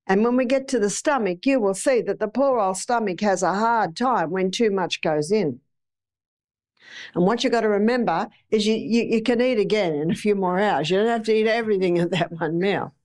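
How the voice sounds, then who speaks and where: A woman's voice: mid-range voice, darkish tone. An Australian woman lecturing an audience on health in a chatty way, repeating phrases for emphasis. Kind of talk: live talk to an audience.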